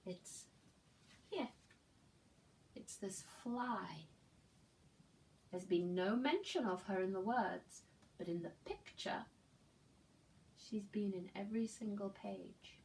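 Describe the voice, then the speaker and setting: A woman preschool teacher reading a picture book aloud to young children, slow and gentle, pausing to ask simple questions. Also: medium pitch, gravelly, far from the mic, a little hiss or hum, poor audio. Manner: slow, gentle, with loud animal sounds in the story.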